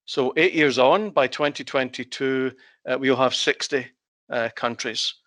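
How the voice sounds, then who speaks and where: A man's voice: medium pitch, fairly bright tone, no room sound. Scottish man presenting over a video call. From Scotland. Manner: measured, with frequent hesitations. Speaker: guest expert presenter. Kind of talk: online conference presentation.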